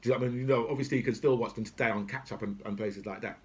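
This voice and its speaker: A middle-aged political commentator rants unscripted and at length in rapid-fire speech. His voice is medium-pitched with fairly even intonation, and he swears freely while constantly adding "right?" and "do you know what I mean?"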